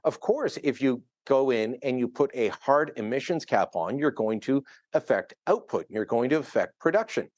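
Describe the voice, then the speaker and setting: A man's voice: mid-range voice, expressive, normal speed, hardly any pauses, a little mellow, no room sound. A man giving opinionated, chuckling political commentary as a guest columnist over a remote link. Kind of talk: news interview commentary. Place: remote studio in another city.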